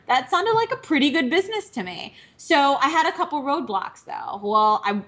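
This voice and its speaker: A woman's voice: fairly high pitch, very animated, moderate pace, pushed and bright. A woman in her thirties from Minnesota, telling her startup story as a speaker in a candid, conversational way, with self-deprecating humor and many fillers. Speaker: entrepreneur speaker. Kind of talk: personal story talk. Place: live virtual speaker broadcast.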